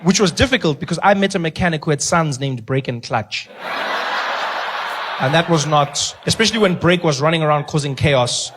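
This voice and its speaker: A man from South Africa with a South African accent, doing stand-up comedy, telling stories in an animated way and laughing at his own jokes. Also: fairly high pitch, moderate pace, background noise.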